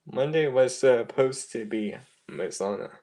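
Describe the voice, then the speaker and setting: Goofy male robot with a put-on Italian accent, loud and halting, gravelly underneath, done by a toy reviewer. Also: mid-range voice, voice pushed up, lightly acted. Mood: playful.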